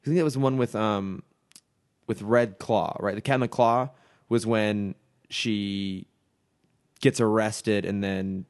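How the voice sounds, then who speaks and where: A man's voice: on the low side, fairly even intonation, slow pace, pauses often, a little mellow. A man co-hosting a podcast, chatting casually and laughing easily as he recaps episodes. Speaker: podcast co-host. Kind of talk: casual chat.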